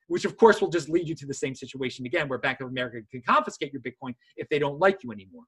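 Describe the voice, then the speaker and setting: Man, host, casual chat, breathy voice, jumps up high for mocking asides. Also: very fast, few pauses. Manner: animated, mocking impressions in a high voice.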